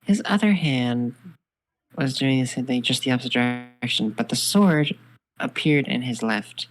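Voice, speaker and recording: A man's voice: medium pitch, normal speed, poor audio. Laid-back guy telling a fanfic story with a buddy, lots of mm-hmms. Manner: relaxed, affirming with frequent mm-hmms. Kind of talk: casual collaborative storytelling.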